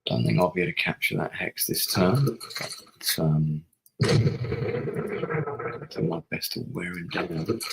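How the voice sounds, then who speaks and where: A man's voice: deep voice, expressive, a little slow, gravelly, pauses often, slight background noise, low-quality recording. A middle-aged man streaming a strategy game, casually thinking aloud and muttering to himself as he plays. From England. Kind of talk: casual gaming commentary.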